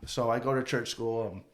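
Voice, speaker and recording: A man's voice: mid-range voice, a bit bright. A man from a Mohawk community telling a rambling, profane childhood story on a podcast, acting out the people in it. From Akwesasne Mohawk community. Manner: rambling, profane, jokey anecdotes with acted-out quotes. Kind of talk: casual storytelling chat.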